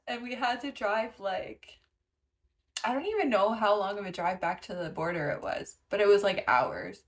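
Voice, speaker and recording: A young woman from Canada hosting a livestream, telling a story with lots of giggling and thanking viewers between lines. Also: a little high. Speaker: livestream host. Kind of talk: casual livestream chat.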